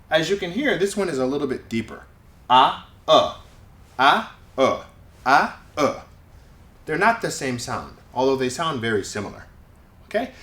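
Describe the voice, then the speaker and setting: A man teaching English pronunciation to learners, leading clear, drawn-out repeat-after-me sound drills. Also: mid-range voice, fairly bright tone. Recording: echoey room.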